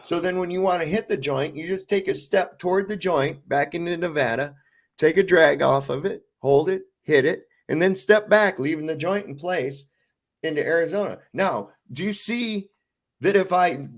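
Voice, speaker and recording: A man hosting a casual chat, animated and swearing freely as he tells stories. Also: on the high side, normal speed. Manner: animated, acts out quotes in funny voices, swears freely.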